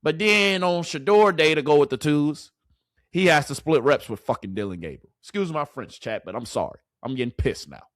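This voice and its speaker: A man's voice: a little high, expressive, normal speed, a bit bright, dry recording, clean studio sound. A man ranting to his live chat as a sports commentator, repeating rhetorical questions in exasperation.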